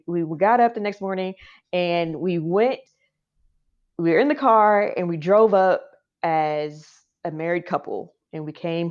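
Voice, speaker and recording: A woman as a podcast guest, telling a personal story in a heartfelt, emotional way with many fillers. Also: on the low side. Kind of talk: casual interview storytelling. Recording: dull lo-fi sound.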